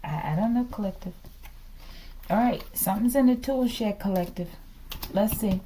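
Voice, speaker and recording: Animated woman reading tarot cards. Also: medium pitch, normal speed, a little hiss or hum. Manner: animated, calls out "collective" and "okay?" often. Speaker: tarot reader. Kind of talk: casual tarot reading to viewers.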